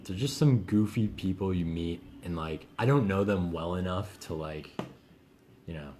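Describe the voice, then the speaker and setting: A man, an author, chatting casually on a live stream from home, rambling with lots of fillers and quick laughs. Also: deep voice, dark tone, a little hiss or hum. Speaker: author answering reader questions.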